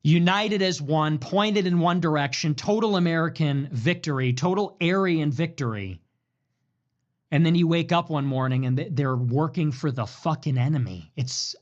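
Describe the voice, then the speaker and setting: A man rants about politics in a high voice that leaps up and down. He turns sarcastic and profane, then drops into muttered asides. The replayed video sounds dull and lo-fi. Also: lively intonation, moderate pace. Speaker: political commentator. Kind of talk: rambling ranting commentary.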